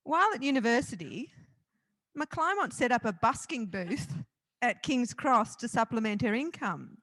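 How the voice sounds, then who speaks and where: A woman's voice: fairly high pitch, sing-song, normal speed, fairly bright tone, no room sound. A woman interviewing a guest on stage, with a teasing, wry manner.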